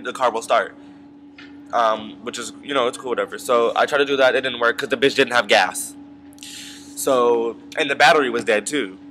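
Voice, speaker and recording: A man's voice: mid-range voice, a bit bright, a little hiss or hum. A young man telling a long story in a casual, rambling rant, swearing freely and filling it with ums and side remarks. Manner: rambling, profane, full of fillers and asides. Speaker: vlogger.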